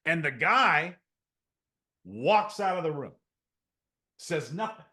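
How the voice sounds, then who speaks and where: A man's voice: fairly high pitch, takes it slowly. A man telling a work anecdote as a podcast guest, acting out the dialogue with energy. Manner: animated storyteller who acts out quoted dialogue. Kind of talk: conversational anecdote.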